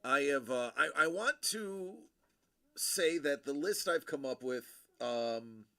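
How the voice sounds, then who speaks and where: A man hosting a livestream, greeting viewers by name and rambling through his thoughts with plenty of fillers. His voice is bright and slightly high, with a lively, bouncing pitch at an unhurried pace. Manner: rambling and friendly, with many fillers and shout-outs. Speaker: livestream host. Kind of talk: casual chat with viewers.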